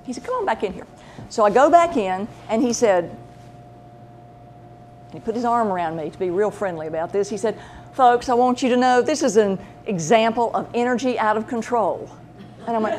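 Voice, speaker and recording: Speaking a little high and a little fast over a slight hiss or hum, this pet medium and show host recounts something from her own life. Her delivery is casual and animated, and she voices the people she quotes.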